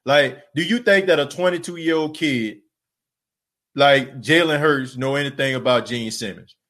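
A man's voice: medium pitch, a little slow, fairly bright tone. A man hosting a sports podcast, ranting emphatically with repeated rhetorical questions and casual slang, tired after an overnight shift. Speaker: podcast host. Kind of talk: fired-up solo sports podcast rant.

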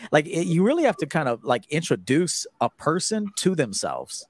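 A man's voice: on the high side, expressive, normal speed, few pauses, no room sound. A man hosting a call-in dating-advice podcast, giving blunt, profane coaching and acting out the lines he quotes. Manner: blunt, profane, emphatic, acts out quoted dialogue.

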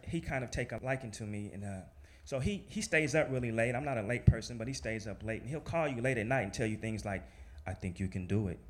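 A man tells his own story with a loose, animated energy, swearing casually and breaking into laughter. He slips into quick voices for the people he quotes. His pitch sits squarely in the middle range. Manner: acts out other people's lines in lively quoted voices. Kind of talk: live personal storytelling.

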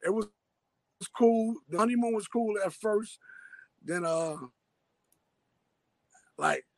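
Man, New York accent, high register, dry close sound; rambling slang storyteller. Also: takes it slowly, no echo, poor audio. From Harlem, New York. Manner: street slang, loose rambling narration. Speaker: interviewee. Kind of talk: casual storytelling.

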